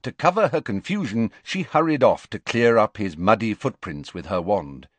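A man's voice: on the low side, expressive, normal speed, dry recording. A man narrating an audiobook expressively, switching into character voices.

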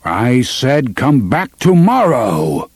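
A pompous fake wizard thunders out slow, loud threats, as a man puts him on. The voice is husky and swings widely in pitch, with every word stretched for effect. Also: big pitch swings, no echo, exaggerated voice. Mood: blustering.

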